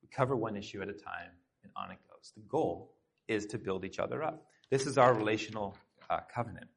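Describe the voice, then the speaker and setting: A man's voice: on the low side, brisk, vocal fry, slightly rough. A pastor preaching a sermon to his congregation in a church, talking in an earnest, conversational way with asides to the crowd. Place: church sanctuary.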